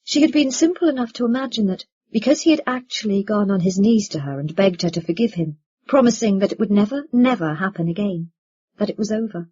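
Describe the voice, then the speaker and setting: A woman reads a novel aloud as an audiobook narrator, measured and expressive. Her voice is husky and of middle pitch. The recording sounds dull and lo-fi.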